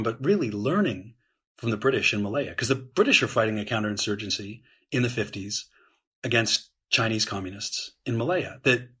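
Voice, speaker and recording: A man, a history professor and guest, explaining eagerly in conversation, with frequent restarts and lively voiced quotes. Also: mid-range voice, breathy edge.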